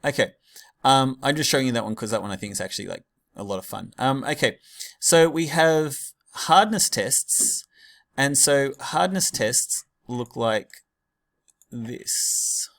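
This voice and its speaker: A man's voice: medium pitch, expressive, measured pace, gravelly, fairly bright tone. A man teaching a class in a casual, digressive lecture full of fillers and asides.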